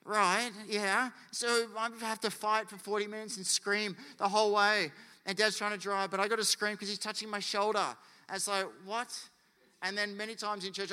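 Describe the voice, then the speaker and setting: A man preaching a sermon, animated and acting out quotes and stories. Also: high voice, normal speed, clean tone. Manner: animated, acts out quotes and anecdotes. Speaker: pastor. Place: church hall. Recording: long church hall reverb.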